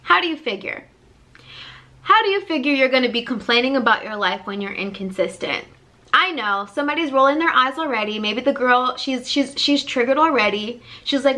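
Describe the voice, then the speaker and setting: Woman coach vlogging, kinda high bright voice, blunt tough love, repeats herself a lot. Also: normal speed. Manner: blunt tough-love lecturing, energetic and repetitive. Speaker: life coach and channel host. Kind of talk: direct-to-camera motivational vlog.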